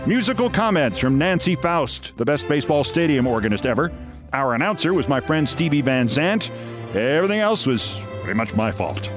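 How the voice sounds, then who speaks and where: Give me a male host telling a story with dry sarcasm, pitched a bit high, faint music under him. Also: big pitch swings, moderate pace. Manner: sardonic, dryly theatrical storytelling. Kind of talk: sardonic special-comment monologue.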